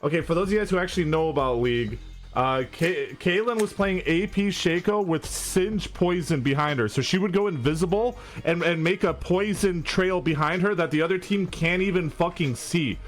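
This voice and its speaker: A young man in a relaxed gaming chat. His voice sits a little high as he rambles through a game story, swearing all the way. Faint music plays softly behind him. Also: normal speed.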